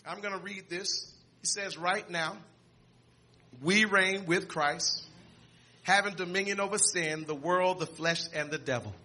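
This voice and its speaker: A man preaching a sermon in a high, very bright voice. He reads scripture aloud, stumbling and repeating words, then rises to shouted exclamations. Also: a little slow.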